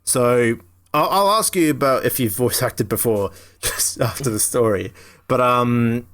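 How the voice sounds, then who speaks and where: A man's voice: mid-range voice, unhurried, a bit bright. A man hosting a podcast, chatting casually with a lot of laughter and swearing. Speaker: podcast host. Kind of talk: casual chat.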